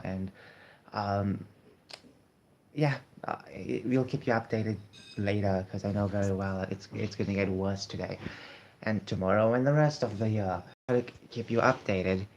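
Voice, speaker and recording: Low-voiced man rambling, unwell. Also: a little mellow, slight background noise. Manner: hesitant, many fillers and restarts. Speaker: vlogger. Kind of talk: casual rambling talk to camera. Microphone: tablet streaming.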